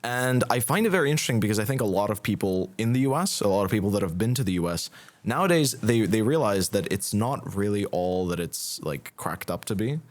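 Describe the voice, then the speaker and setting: Male teacher panelist, somewhat low voice, careful and reflective. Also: animated. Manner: thoughtful, measured, hedging opinions. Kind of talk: casual panel discussion.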